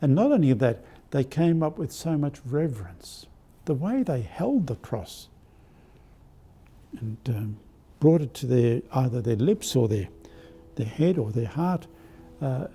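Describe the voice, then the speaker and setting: An older Australian archbishop telling personal stories in a live-streamed spiritual talk, with a gentle anecdotal manner and many fillers. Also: male voice, medium pitch, husky. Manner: warm anecdotal, hesitant with fillers.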